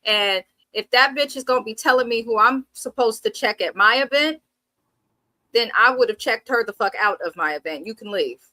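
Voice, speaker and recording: Brief: outspoken woman co-host, bright voice, close and dry. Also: on the high side, normal speed, no room sound, poor audio. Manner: blunt, opinionated, swears freely. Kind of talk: casual TV recap chat.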